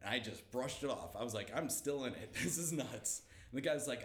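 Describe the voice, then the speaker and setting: A young man telling a story as a guest, lively and laughing, acting out the quotes. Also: mid-range voice, a little fast, roomy sound. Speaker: comedian guest. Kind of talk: animated storytelling.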